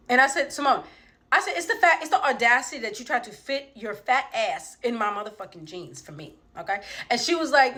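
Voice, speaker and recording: Animated, profane woman telling a story. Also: on the high side, a little fast. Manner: animated, profane, acts out quoted voices. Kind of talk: casual comedic storytelling.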